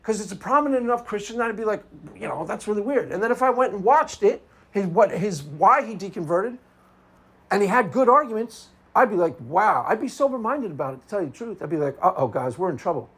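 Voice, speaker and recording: A man's voice: high voice, expressive, quick pace, fairly bright tone, slightly rough. A man giving an unscripted commentary monologue, combative and sarcastic, repeating his points for emphasis. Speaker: video commentator.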